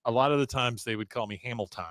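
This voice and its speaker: A man's voice: mid-range voice, fast talker, a bit bright. A man hosting a podcast, casually recapping a TV episode in a rambling, laughing storytelling manner. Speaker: podcast host.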